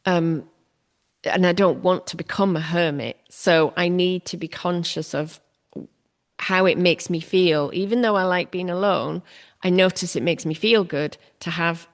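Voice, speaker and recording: Woman, artist guest, gravelly low voice, reflective, candid, self-deprecating. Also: a little slow. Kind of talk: candid conversational interview.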